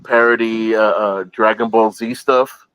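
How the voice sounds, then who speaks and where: A man's voice: fairly low pitch, fairly even intonation, unhurried, a bit bright, clear, resonant tone, dry recording, poor audio. A man chatting casually as a podcast guest, rambling and repeating himself, with easy laughter as he talks. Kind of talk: casual chat.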